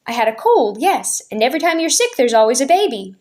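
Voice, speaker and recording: A woman reading the part of a calm, proper mother of a large family, gentle and reassuring. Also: sits high, fast talker. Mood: puzzled.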